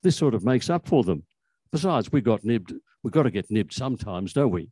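A man putting on an easygoing young pickpocket, wry and chummy with his friend. The voice is a little raised from the reader's own but still dark and mellow. It is recorded close and dry. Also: mid-range voice, big pitch swings, brisk, husky, no echo, poor audio. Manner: chuckling, chummy.

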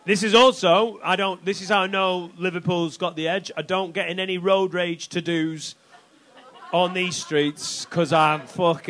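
Brash high-voiced man doing stand-up. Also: a bit bright, a little hiss or hum. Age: middle-aged. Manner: brash, sweary, acts out quoted voices. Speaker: stand-up comedian. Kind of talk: stand-up comedy set. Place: comedy club stage. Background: faint audience laughter.

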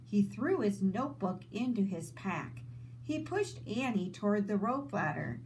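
A woman teacher reading a children's book aloud, in slow, expressive storytelling. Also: mid-range voice, slight background noise, low-quality recording.

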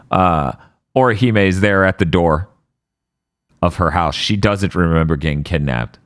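Deep-voiced sardonic man recapping anime. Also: measured pace, pauses often, no echo, clean studio sound. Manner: sardonic, exasperated, swears. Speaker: podcast co-host recapping anime episodes. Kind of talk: casual comedic recap.

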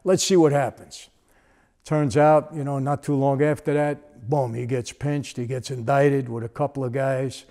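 A man's voice: medium pitch, fairly even intonation, normal speed, few pauses, dark tone. Older new guy telling an old story, chatty, lots of "you know". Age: 60s. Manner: conversational, frequent "you know" asides. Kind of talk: casual storytelling.

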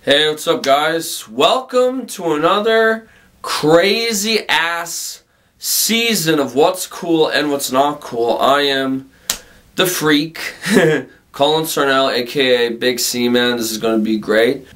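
A man's voice: fairly high pitch, slow, a bit bright. A man hosting his own comedic vlog in a casual, goofy way, laughing often between lines. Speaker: vlog host.

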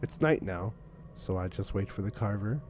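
A man's voice: low voice, animated, moderate pace, noisy background. A man commenting on a game playthrough in a bemused, wisecracking way and reading the characters' lines aloud. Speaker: gaming channel host.

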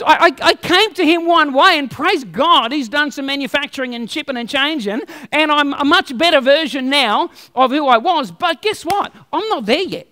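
A pastor delivers his sermon in a strikingly high, bright voice. He tells stories with animated humor, and the sound carries a long hall reverb. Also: normal speed, few pauses.

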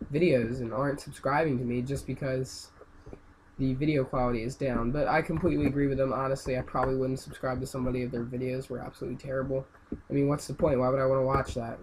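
A young man giving casual gameplay commentary, rambling and then yelling and ranting at the game. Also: medium pitch. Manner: rambling, yells and rants at the game. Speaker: gaming channel host. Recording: noisy amateur home recording.

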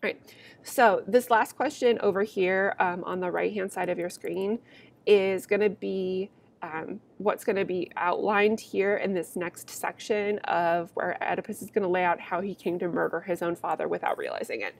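A woman's voice: fairly low pitch, fairly even intonation, moderate pace, creaky. A young adult woman teacher reading a play aloud and explaining it to students in a casual, chatty way, with sarcastic asides.

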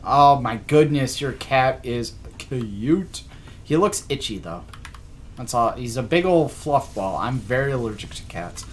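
A man streaming a game live, reacting with excitable, jokey commentary and frequent laughter and swearing. He talks slowly, stretching his words out, while his pitch leaps around animatedly. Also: slight background noise.

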